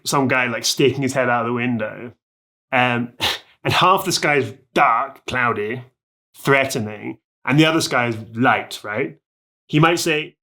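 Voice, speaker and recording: A man's voice: medium pitch, sharp tone. A man giving a casual, upbeat video lesson on Spanish, chatting to viewers with lots of fillers. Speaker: Spanish teacher.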